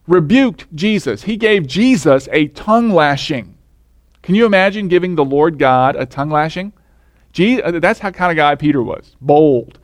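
A man's voice: fairly high pitch, no echo. A male pastor preaching a sermon in a conversational way, often putting questions to the congregation.

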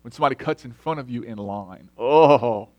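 A middle-aged man preaching a sermon in an earnest, storytelling way, dropping soft and then rising emphatic. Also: mid-range voice, animated, fast talker, no room sound. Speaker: lay preacher.

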